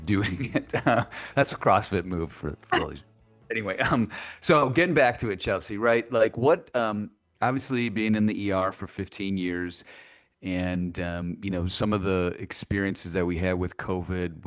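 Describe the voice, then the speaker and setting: A man's voice: sits low, no echo. A man co-hosting a radio talk show, asking rambling multi-part questions with fillers.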